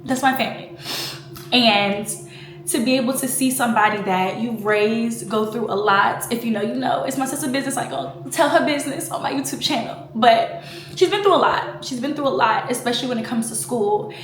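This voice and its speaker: A woman's voice: fairly high pitch, fairly quick, echoey room. A woman in her twenties talking to her vlog camera in a chatty, emotional way, close to tears at times, with lots of fillers. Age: 20s. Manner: emotional, fighting back tears; chatty, full of fillers like "like" and "you know". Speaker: vlogger. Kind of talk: casual personal vlog talk.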